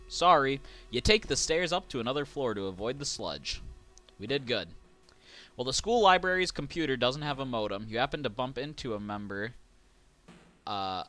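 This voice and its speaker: Lively, bright-voiced male game streamer. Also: mid-range voice. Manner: excitable, reads game text aloud, jokes and shouts. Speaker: streamer playing a horror game. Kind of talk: casual let's-play commentary.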